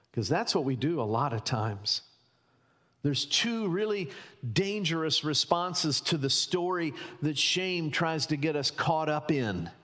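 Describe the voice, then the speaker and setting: A man's voice: on the high side, fairly bright tone, in a large hall. A man preaching a sermon as pastor, building emphatic runs of repeated rhetorical questions. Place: church sanctuary.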